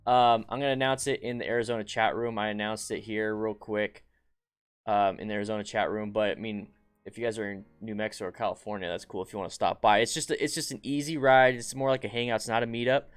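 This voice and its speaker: A man hosting a casual live stream, chatting and reading viewer comments aloud with bursts of excitement. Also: lowish voice, quick pace, clear, resonant tone. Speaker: motorcycle channel host.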